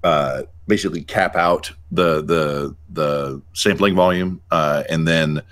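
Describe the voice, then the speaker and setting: A man's voice: rumbling low, fairly even intonation, takes it slowly, fairly bright tone. A man co-hosting a casual podcast, talking in long rambling runs with many fillers. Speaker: podcast co-host. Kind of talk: casual chat. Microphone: home podcast mic.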